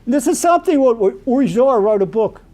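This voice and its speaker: Animated rabbi preaching, lively high voice. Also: male voice, fast talker. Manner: animated, heavy Yiddish and Hebrew terms. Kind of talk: storytelling sermon.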